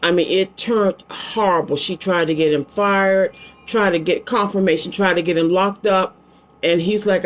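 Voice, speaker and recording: A woman's voice: fairly low pitch, steady tone, normal speed. Chatty woman doing a psychic card reading. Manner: chatty, rambling, affectionate asides to her child. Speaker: psychic tarot reader. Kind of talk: casual live card-reading vlog.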